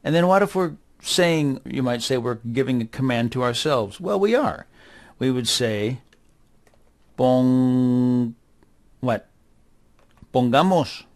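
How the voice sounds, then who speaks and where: Slow, patient male language teacher. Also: mid-range voice, animated. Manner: patient and repetitive, drilling words one at a time. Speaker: Spanish teacher. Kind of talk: slow, deliberate classroom instruction for kids.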